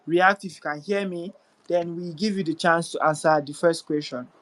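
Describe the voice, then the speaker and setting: A man's voice: fairly high pitch, fairly even intonation, normal speed, fairly bright tone, low-quality recording. A man hosting a live audio chat, giving a crypto market update and repeating figures and questions for emphasis. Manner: rhetorical, questioning.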